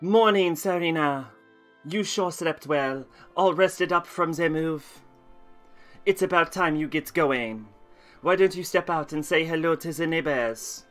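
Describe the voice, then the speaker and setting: A man puts on a playful mock French accent to voice the characters of a video game. The reading is slow and theatrical, with a slightly raised pitch and a bright tone. Faint game music plays underneath. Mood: warm.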